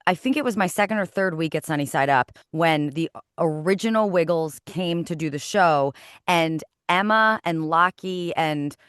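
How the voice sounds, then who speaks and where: A woman in her thirties talks as a podcast guest, spinning animated anecdotes full of "like"s and quick asides. Her voice sits a bit low for a woman. The sound is dry and close, with no room around it. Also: clear, resonant tone, no echo. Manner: chatty, animated storytelling with many "like"s. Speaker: podcast guest, former kids' TV host. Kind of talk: casual interview chat.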